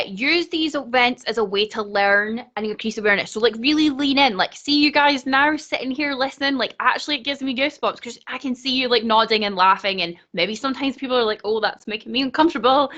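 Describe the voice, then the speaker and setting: Bright-voiced Scottish woman, chatty. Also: on the high side, fairly quick, few pauses, lo-fi sound. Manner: earnest, chatty, laughs often, lots of "like". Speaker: conference speaker. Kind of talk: casual panel discussion.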